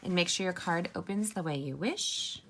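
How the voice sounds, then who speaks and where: Chatty woman, gravelly low voice. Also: normal speed, fairly bright tone, a little hiss or hum. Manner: chatty, upbeat, addresses viewers as "you guys" and "sisters". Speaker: card-making instructor. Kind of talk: casual crafting tutorial.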